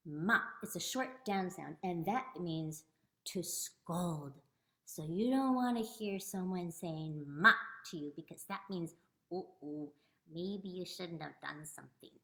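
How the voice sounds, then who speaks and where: A woman author teaching children a language lesson and reading her book, drawing out words slowly so they can follow. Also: medium pitch, roomy sound. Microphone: video call.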